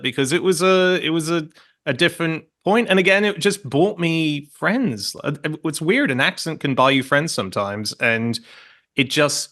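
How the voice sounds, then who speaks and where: A man's voice: on the high side, fairly bright tone. Rambling man in his late thirties. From Hong Kong. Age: late 30s. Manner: rambling, self-interrupting storyteller. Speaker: podcast guest. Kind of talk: casual interview chat.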